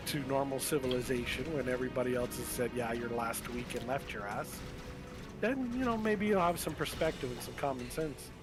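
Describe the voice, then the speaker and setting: A man's voice: medium pitch, fairly quick. A man hosting a livestream, ranting bluntly in casual chat, full of cursing and restarts. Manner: profane, blunt, rambling with restarts. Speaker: livestream host. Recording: game music playing behind. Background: game music.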